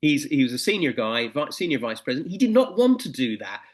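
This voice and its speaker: A man's voice: medium pitch, fast. A middle-aged man giving a motivational presentation, telling anecdotes and stories. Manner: anecdotal, animated storytelling. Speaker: motivational speaker.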